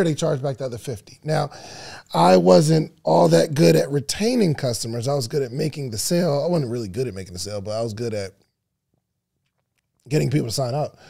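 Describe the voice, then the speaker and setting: A man's voice: high voice, vocal fry, a little mellow. A man hosting a live-stream podcast, reacting animatedly to the chat and stretching out his questions. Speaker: podcast host.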